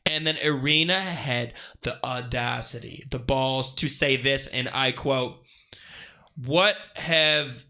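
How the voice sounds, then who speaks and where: A young man with a bright, forceful voice chats loosely as a podcast co-host. He laughs often and swears casually while telling his stories. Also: mid-range voice, takes it slowly. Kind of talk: casual chat.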